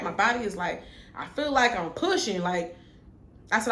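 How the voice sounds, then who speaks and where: A woman's voice: mid-range voice, fairly quick. Candid young woman telling her story. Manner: candid, addresses viewers as y'all, quiets when sad. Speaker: vlogger. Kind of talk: personal storytelling to viewers. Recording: echoey room with faint noise.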